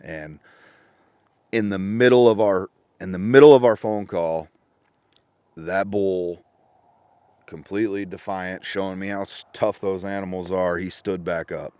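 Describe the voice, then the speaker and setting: Deep-voiced man telling a hunting story. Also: measured pace, long pauses, clean tone, no room sound. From Washington State. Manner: animated storyteller who acts out his phone calls. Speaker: podcast guest. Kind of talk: casual storytelling chat.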